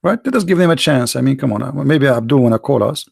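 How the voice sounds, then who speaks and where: Hoarse, gravelly man taunting rivals. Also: medium pitch, animated, fast talker, darkish tone, no room sound. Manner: mocking, taunting, full of rhetorical questions. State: hoarse, losing his voice. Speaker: host of a live online debate stream. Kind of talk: combative religious polemic commentary.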